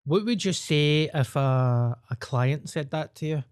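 A man's voice: fairly high pitch, unhurried, a little mellow, clean tone. A man co-hosting a podcast, a comedian chatting casually, teasing his co-host with jokey questions.

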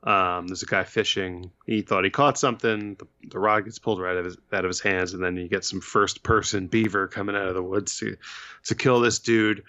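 A man casually recapping a bad movie with a co-host, relaxed and full of ums. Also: sits low, brisk, highs cut off. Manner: laid-back, filler-heavy retelling. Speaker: podcast co-host.

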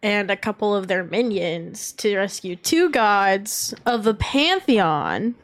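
A woman running an improvised role-play scene, easygoing and quick to laugh. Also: mid-range voice, expressive.

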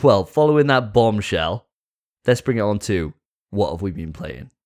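A man's voice: fairly low pitch, big pitch swings, moderate pace. A man hosting a casual podcast chat, joking with crude banter. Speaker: podcast host.

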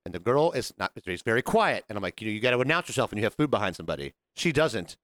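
A man's voice: fairly low pitch, racing, no echo, studio quality. A man hosting a podcast, telling work stories in casual chat and acting out quoted lines. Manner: animated storyteller, acts out quotes. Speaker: podcast host.

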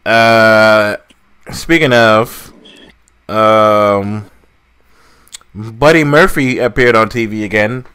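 A man's voice: on the low side, slow, long pauses, pushed and bright, smooth. A man co-hosting a casual wrestling podcast, blunt and swearing, who slips into mocking impressions. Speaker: podcast co-host.

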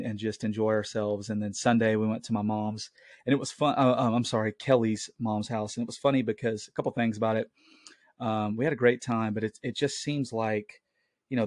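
A man's voice: on the low side, a little mellow, no echo. Guy in his late 20s doing a faith podcast at home, earnest and rambly, dry close sound. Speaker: Christian podcast host. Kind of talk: casual solo podcast talk. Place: at home, family in the next room. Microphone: own podcast mic.

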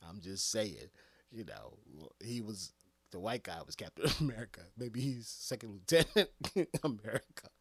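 A man who works as an EMT, ranting casually and profanely about a movie, swinging between hushed asides and loud outbursts. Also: on the low side, lively intonation, moderate pace, breathy edge, dry recording. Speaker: EMT giving movie reactions. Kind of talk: casual rant to camera.

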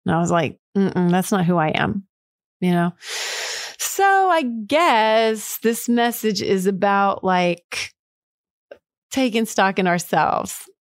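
Woman podcast host, middle-aged, candid rambling monologue, middle pitch, dry close mic. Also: lively intonation, slow pace, no echo. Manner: candid, rambling, with frequent fillers and self-quotes. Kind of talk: reflective solo monologue.

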